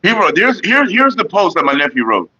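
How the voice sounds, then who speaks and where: A man's voice: sits high, very animated, fairly quick, bright, forceful tone, slightly rough, dry recording. A young man vlogging, retelling an online argument in a casual, profane, laughing way on a dull lo-fi home recording. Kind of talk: casual storytelling.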